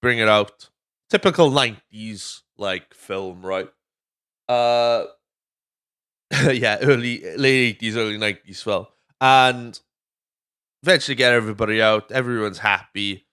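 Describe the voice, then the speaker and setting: A man's voice: unhurried, bright, forceful tone, smooth. Rambling Welsh man recapping a film. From Wales. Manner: rambling, swears freely, acts out film lines in silly high voices. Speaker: podcast host. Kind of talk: casual movie recap monologue.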